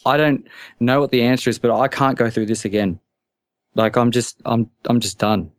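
An anxious man on a call-in show, telling his story haltingly and tripping over his words. His voice is dry and close, with no room around it and a middle pitch. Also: steady tone, no echo. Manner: halting, stammering, many restarts. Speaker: caller.

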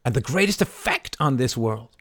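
A middle-aged man hosting a live show, talking passionately and swinging from soft asides to loud, emphatic outbursts. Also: mid-range voice, big pitch swings, normal speed, slightly rough, no echo, clean studio sound. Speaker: show host. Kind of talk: impassioned live-stream monologue.

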